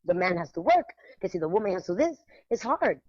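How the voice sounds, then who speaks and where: A woman curating art shows, talking on a radio show in a lively, emphatic way, laughing often and dropping into Spanish phrases. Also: medium pitch, quick pace, muffled recording. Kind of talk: casual radio chat.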